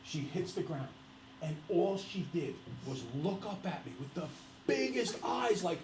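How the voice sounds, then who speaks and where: Animated man telling class a story. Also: high-pitched, unhurried, roomy sound, a little hiss or hum, rough recording. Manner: animated, laughing, addresses class directly. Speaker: teacher.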